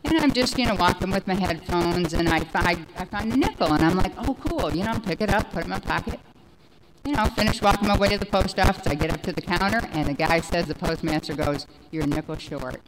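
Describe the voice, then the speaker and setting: A woman's voice: lowish voice, fast, background noise. Rambling, chatty woman telling a personal story. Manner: rambling, animated storytelling with many fillers. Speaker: speaker sharing recovery story. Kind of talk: personal testimony talk.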